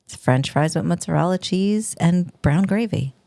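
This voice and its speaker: A woman's voice: on the low side, creaky, warm tone, dry recording. A woman, co-hosting a podcast in casual, laughing chat. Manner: chatty, laughs often, quick back-and-forth. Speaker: podcast co-host.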